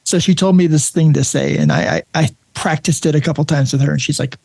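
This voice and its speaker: Gravelly, warm-toned male podcast host. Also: on the high side, very animated, quick pace, no echo. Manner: friendly storyteller, laughs often, repeats words. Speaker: podcast host, emergency nurse. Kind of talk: casual interview chat.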